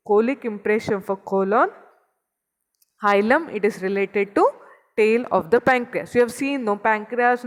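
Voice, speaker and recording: A woman with a fairly high voice teaches anatomy, walking through a diagram and repeating each key term. Her voice rings out in a long, echoing hall. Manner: explains step by step, points at a figure, repeats key terms. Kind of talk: recorded anatomy lecture.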